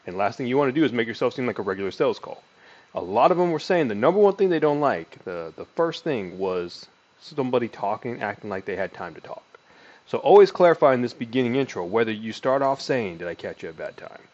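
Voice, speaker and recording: A man teaching sales call scripts in a casual, conversational way, with deliberate filler words and a voice that swings up and down in inflection. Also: lo-fi sound. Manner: lively inflection, pitch rising and falling. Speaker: sales trainer. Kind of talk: casual teaching monologue with role-played call lines.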